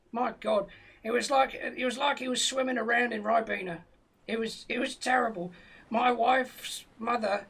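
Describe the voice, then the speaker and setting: A man's voice: very high voice, creaky, bright, forceful tone, breathy edge. A British man telling a rambling, profane comic tall tale with a straight face on a live stream. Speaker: comedian telling a story.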